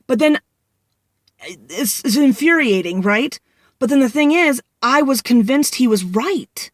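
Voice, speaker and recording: A woman's voice: fairly high pitch, expressive, normal speed, no room sound, clean studio sound. A woman in her twenties tells a personal story in a candid vlog, rambling and venting with frequent restarts. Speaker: vlogger.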